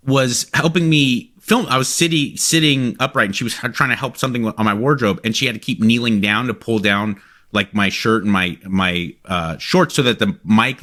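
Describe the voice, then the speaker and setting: A man's voice: mid-range voice, a bit bright. A man in his forties co-hosting a podcast, telling stories in casual chat. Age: 40s. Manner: storytelling, acts out quotes. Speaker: podcast co-host.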